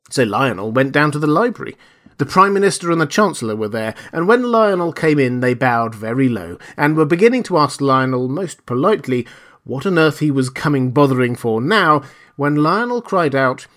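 A man's voice: a little high, big pitch swings, normal speed, fairly bright tone. Man reading a children's story aloud.

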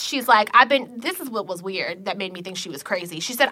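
A woman telling a story in casual podcast chat, swearing constantly and acting out the other people's lines. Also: normal speed. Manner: animated, swears constantly, acts out quotes with big pitch jumps.

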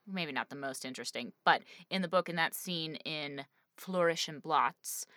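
A woman's voice: low-pitched, normal speed, pushed and bright, dry recording, studio quality. A woman co-hosting a podcast, talking through a book in a casual, chatty way with lots of fillers. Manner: chatty, many fillers like "like" and "kind of". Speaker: podcast co-host.

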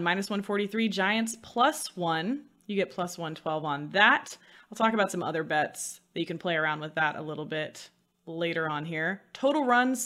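A woman's voice: mid-range voice, fairly bright tone. A woman hosting a sports betting podcast alone, chatty and self-mocking with dry sarcasm. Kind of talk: solo podcast talk.

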